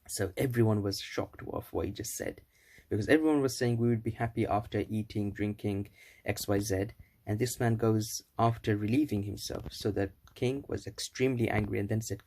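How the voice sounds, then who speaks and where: A man's voice: lowish voice, steady tone, normal speed, darkish tone. A man telling an old fable in a casual, rambling way, correcting himself as he goes. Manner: rambling, with restarts and self-corrections. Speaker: storyteller. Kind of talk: casual storytelling.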